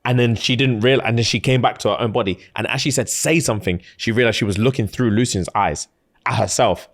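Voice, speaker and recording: A man's voice: medium pitch, quick pace. Male podcast co-host, casual rambling storyteller, street slang. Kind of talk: casual chat.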